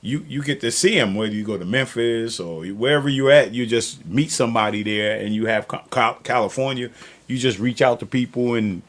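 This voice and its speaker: A man's voice: mid-range voice, brisk, a bit bright. A man hosting a podcast, chatting in a loose storytelling manner and laughing often. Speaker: podcast host. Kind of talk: casual conversational interview.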